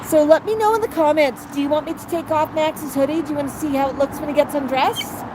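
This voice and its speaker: A woman's voice: high-pitched, fast, background noise. Chatty woman livestreaming outdoors. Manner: chatty, reads viewer comments aloud. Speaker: livestream host. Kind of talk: casual livestream chat.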